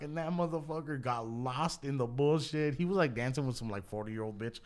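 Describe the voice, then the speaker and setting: A man's voice: medium pitch, a little fast, hardly any pauses, a little mellow. Profane laughing man storyteller. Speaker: podcast host. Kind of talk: casual storytelling.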